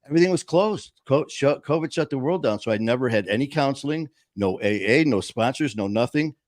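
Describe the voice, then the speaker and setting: A man's voice: medium pitch, expressive, a little fast, no echo. A man with a Boston accent, hosting and telling his own story in an emphatic, plain-spoken way. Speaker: podcast host. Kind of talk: casual storytelling interview.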